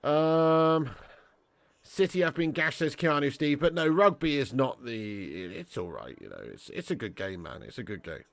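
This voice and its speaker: A man's voice: mid-range voice, animated, normal speed, creaky, dry recording. A British man hosting a live football watch-along, chatting casually and reading out viewer comments. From Britain. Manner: chatty, laughs often, calls viewers mate and lad.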